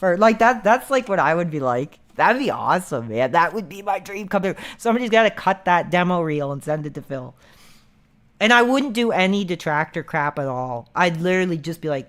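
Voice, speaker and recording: A man's voice: sits high, lively intonation, brisk, fairly bright tone. A man chatting casually on a live stream, rambling with lots of fillers and restarts.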